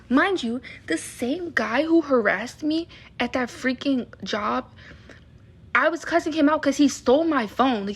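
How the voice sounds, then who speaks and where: Ranting young woman with a husky, fried voice. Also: a little high. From Baltimore area, USA. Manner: heated, indignant, ranting with many fillers and restarts. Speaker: vlogger. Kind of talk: casual rant to camera.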